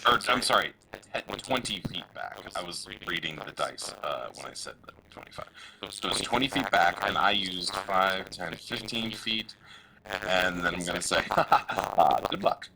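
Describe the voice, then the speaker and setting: A man's voice: deep voice, moderate pace, pushed and bright, slight background noise, rough recording. A man playing a tabletop game, playful and jokey. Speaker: player.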